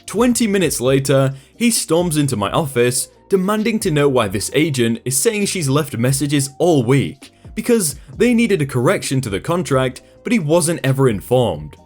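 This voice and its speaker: A man's voice: a little high, big pitch swings, moderate pace, few pauses, darkish tone, soft background music. A man reading a first-person story aloud in a dry, sarcastic storytelling manner. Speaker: storytime narrator.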